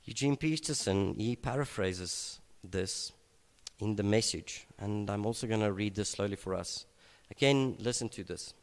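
A man preaching a sermon at an evening gathering, unhurried and reflective, with frequent hesitations and restarts. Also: lowish voice. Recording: long reverb of a large hall.

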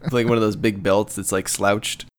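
A man's voice: fairly low pitch, flat delivery, moderate pace. A man co-hosting a casual podcast, explaining his ideas with enthusiastic, rambling detail. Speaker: co-host.

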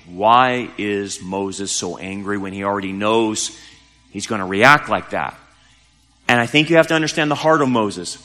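A man's voice: mid-range voice, sharp tone, big-room sound. A male pastor preaching a sermon in a church, talking conversationally and earnestly, often restarting his sentences. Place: church sanctuary.

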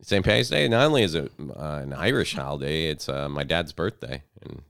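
A man in his thirties co-hosting a casual podcast, joking and slipping into loud mocking impressions. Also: a bass voice, animated, fairly quick, creaky, clean tone, no echo, clean studio sound. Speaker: podcast co-host. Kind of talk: casual banter.

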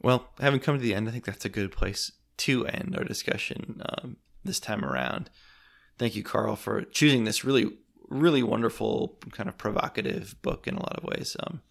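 A man's voice: lowish voice, lively intonation, moderate pace, vocal fry, a bit bright. A man hosting a podcast, discussing a book with enthusiasm and then wrapping up the episode and announcing the next one. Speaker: podcast host.

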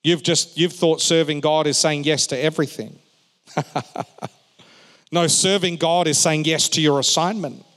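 A male pastor delivers a sermon in a large church hall, his fairly high voice ringing out with a long reverb tail. He talks slowly and deliberately, leaning hard on key words, then drops to quiet, joking asides with the congregation. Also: steady tone.

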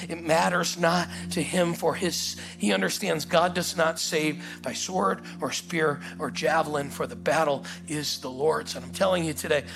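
A male pastor, preaching a lively sermon in a church auditorium and acting out the story in voices. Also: on the high side, vocal fry. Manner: animated, acts out the story in voices, calls "come on".

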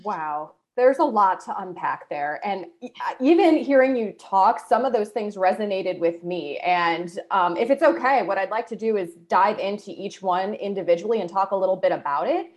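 A woman hosting an interview who asks measured questions and affirms her guest. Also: medium pitch, expressive. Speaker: podcast host and coach.

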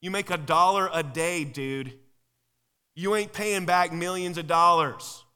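A man preaching a live sermon in a casual, lively way, firing rhetorical questions at the congregation, recorded with a long hall reverb. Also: a little high, unhurried, clean tone.

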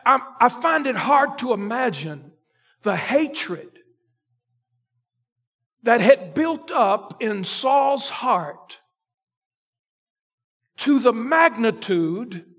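A male pastor preaching a sermon, retelling a story dramatically and swinging between loud emphasis and a near hush. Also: very high-pitched, husky.

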